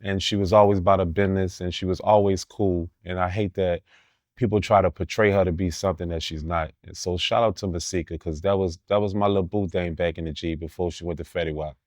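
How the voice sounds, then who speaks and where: Blunt, slangy man with a low voice. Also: fast talker, dry recording, clean studio sound. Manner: blunt, profane street slang; animated, laughs while telling stories. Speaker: interview guest. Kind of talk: casual storytelling in an interview.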